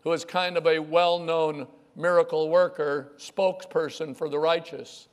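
A man's voice: on the high side, big-room sound. A male pastor preaching a sermon emphatically, repeating key phrases and calling on the congregation to respond.

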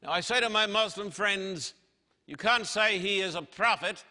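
Male preacher, bright slightly high voice, slow emphatic sermon delivery, long hall reverb.

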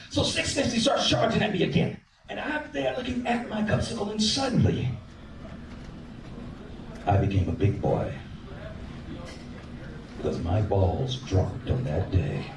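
Lively man doing stand-up. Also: high voice, moderate pace, creaky, long pauses, background noise. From American South. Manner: animated, acts out voices and sings bits. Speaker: stand-up comedian. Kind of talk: stand-up storytelling. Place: comedy club stage. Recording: roomy club sound from a distance.

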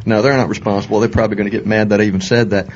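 A man co-hosting a radio talk show, joking in a deadpan, self-mocking way and often repeating words as he goes. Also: fairly low pitch, very fast, lo-fi sound.

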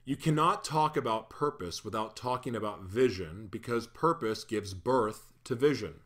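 A man preaching a sermon in a relaxed, conversational way, with playful asides and lively shifts in energy. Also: lowish voice, normal speed. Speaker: pastor. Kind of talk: casual sermon.

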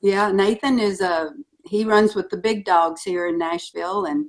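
A middle-aged woman telling a personal story in an interview, earnest and animated. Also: medium pitch, moderate pace. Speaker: guest.

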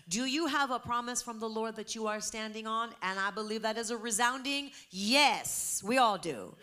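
A woman's voice: fairly high pitch, pushed and bright. A woman preaching a sermon to a congregation, fervent and emphatic.

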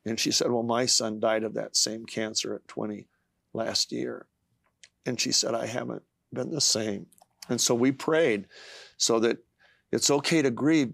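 A middle-aged man, a guest author, earnestly tells a personal faith story in an interview, often halting with fillers and restarts. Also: fairly low pitch, creaky, fairly bright tone, dry recording. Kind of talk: testimony in a talk-show interview.

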